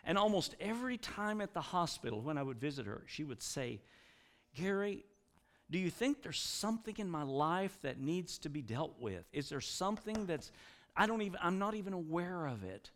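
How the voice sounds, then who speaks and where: A man's voice: on the high side, normal speed. A middle-aged man preaching a sermon, telling stories and acting out the voices of the people he quotes. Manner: animated storytelling, mimics the voices he quotes.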